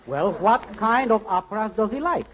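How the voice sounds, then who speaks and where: A pompous, florid crooner. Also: male voice, high voice, big pitch swings, normal speed, slight background noise. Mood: grand. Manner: theatrical, florid and overly courtly. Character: pompous flowery male singer, grandly gallant. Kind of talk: 1940s radio comedy acting. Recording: dull old radio broadcast.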